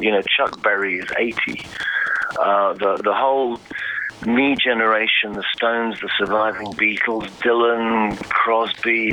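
Man, British accent, middle-aged, musing, halting, crisp bright voice. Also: fairly low pitch, slight background noise, poor audio. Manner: musing, halting, drawn-out phrases. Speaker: guest musician. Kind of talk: casual radio interview.

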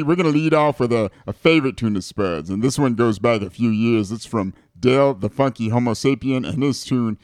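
Rambling man with a swooping pitch. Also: no room sound, studio quality. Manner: rambling, halting, full of fillers. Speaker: radio co-host. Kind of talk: comedy radio banter. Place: radio studio.

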